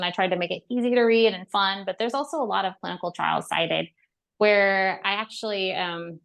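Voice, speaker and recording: A woman dietitian and author as a podcast guest, chatting casually and telling animated stories with frequent laughs and fillers. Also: on the low side, creaky. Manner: animated storyteller, laughs often, many fillers. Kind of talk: casual interview chat.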